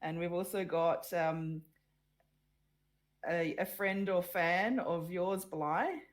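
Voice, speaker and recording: Low, slow-talking woman hosting, croaky. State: croaky morning voice. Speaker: panel host. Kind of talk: casual panel discussion. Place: at home in Australia very early morning.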